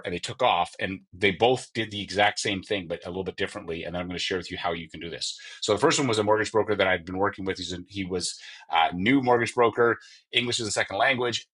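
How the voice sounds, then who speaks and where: A man with a husky voice, hosting an energetic, emphatic motivational podcast and telling stories with quoted dialogue. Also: low voice, poor audio. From Canada. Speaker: podcast host and mortgage coach. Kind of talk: motivational solo podcast talk.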